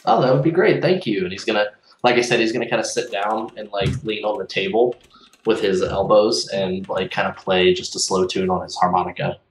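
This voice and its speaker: A man with a lowish voice plays in a tabletop role-playing game. He describes his character's actions in a relaxed way, with plenty of fillers. The sound is roomy and echoey. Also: a little fast, recorded from a distance, slight background noise. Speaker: player. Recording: echoey room.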